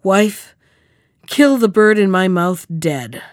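A woman's voice: mid-range voice, animated, takes it slowly, no room sound, clean studio sound. A woman voicing an unlucky, hot-tempered male carter who wails in self-pity. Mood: cruel. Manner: wailing, self-pitying laments.

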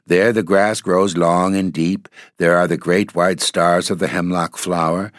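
Storybook ghost: ancient, sorrowful nobleman, deep and dreamy, read by a male narrator. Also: animated, measured pace, no room sound, clean studio sound. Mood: sad, dreamy. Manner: sad, low, dreamy speech. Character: weary, lonely old male ghost nobleman.

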